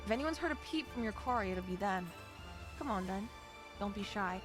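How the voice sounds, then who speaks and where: A woman voicing a cocky, smooth-talking male rogue in a put-on British accent, reading game dialogue on stream. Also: mid-range voice, animated, brisk, over music, voice pushed down, close to an everyday voice. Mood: roguish. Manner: jaunty, slangy, reading game dialogue aloud.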